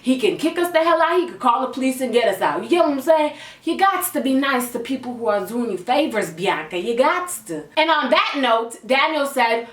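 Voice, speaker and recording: Animated young woman with slang. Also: high-pitched, moderate pace, few pauses, distant mic. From Canada. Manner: animated, slangy, acts out quotes. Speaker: vlogger. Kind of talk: storytime vlog. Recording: echoey room, a bit off-mic.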